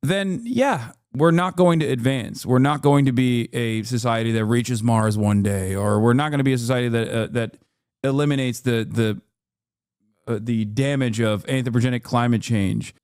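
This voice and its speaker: A man's voice: medium pitch, moderate pace, darkish tone, clear, resonant tone, no echo, studio quality. A man reacting to a video on a live stream, talking emphatically, swearing and pushing his voice up when riled.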